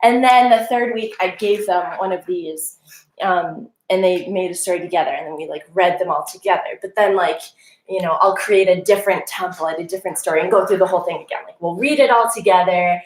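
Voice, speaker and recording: A woman's voice: fairly low pitch, a little fast, roomy sound, low-quality recording. A woman French teacher talking casually to colleagues at a training, filling her speech with "like" and acting out her students. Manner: chatty, lots of "like" fillers, acts out kids' voices.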